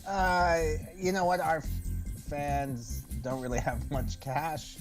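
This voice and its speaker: A man from Canada, a guest on a comedy show, trading crude deadpan jokes. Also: a little high, slow pace, loud music behind the voice, low-quality recording.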